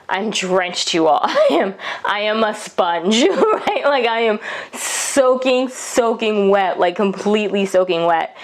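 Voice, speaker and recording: A young woman vlogger telling a personal story to camera in a chatty way, with many fillers and laughs. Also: mid-range voice. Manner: chatty, full of fillers and laughs, emotional retelling. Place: Paris.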